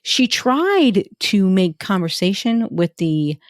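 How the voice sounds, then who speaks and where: A woman in casual podcast chat, telling trip stories with quick asides. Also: medium pitch, very animated, no echo, studio quality. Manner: chatty storyteller, quick asides. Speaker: podcast guest.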